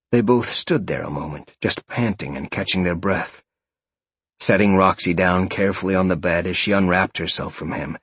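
A man narrating adult fiction in a slow, measured audiobook style, recorded close on a studio mic. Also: low-pitched, fairly bright tone, slightly rough, dry recording.

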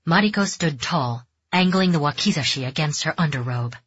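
A woman narrating a dark fantasy audiobook in measured, tense storytelling. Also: sits low, animated, slightly rough, dry recording. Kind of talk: scripted narration. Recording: dull, dry close recording.

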